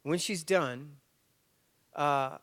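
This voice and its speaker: A man tells a story to a church crowd, his voice riding high for a man. He acts it out as he goes, leaning in with loud bursts, then dropping to near-hushed asides. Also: very slow. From Tennessee and Georgia, US. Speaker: guest speaker at a church men's breakfast. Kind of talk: storytelling talk to a live audience. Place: church event before a live audience.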